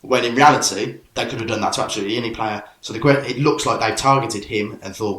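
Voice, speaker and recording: A man's voice: mid-range voice, fast talker, fairly bright tone. A British man co-hosting a podcast, chatting casually with teasing, opinionated banter. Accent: British English. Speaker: podcast co-host. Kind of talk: casual chat. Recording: echoey room.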